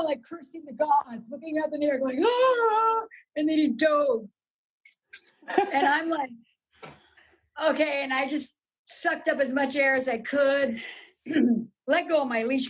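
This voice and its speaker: Animated, husky woman telling a story. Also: low-quality recording. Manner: animated, profane, swoops high when excited. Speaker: guest. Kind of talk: casual storytelling.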